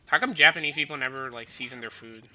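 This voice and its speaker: A man's voice: medium pitch, fast talker, pushed and bright, faint music behind. A man with a Southern US accent, chatting loosely on a livestream and padding his talk with "like". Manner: loose, rambling, peppered with "like". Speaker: streamer. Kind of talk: casual chat.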